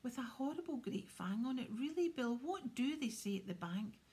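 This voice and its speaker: A woman's voice: a little high, expressive, normal speed, warm tone, husky, pitched above the performer's own voice. A woman whispering a fussy, scolding motherly witch in a whispered role-play storybook reading. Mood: fussing. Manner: scolding, fussing.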